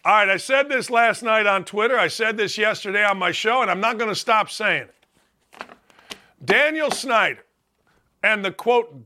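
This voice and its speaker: A man hosting a sports talk show, ranting loudly and emphatically about football. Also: sits high. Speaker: sports talk radio host. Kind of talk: opinionated sports talk monologue.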